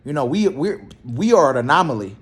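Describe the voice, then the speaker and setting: A young man, a healthcare therapist, telling work stories in a blunt, slangy, animated way and acting out both sides of the talk. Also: fairly high pitch, brisk. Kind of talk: casual storytelling vlog.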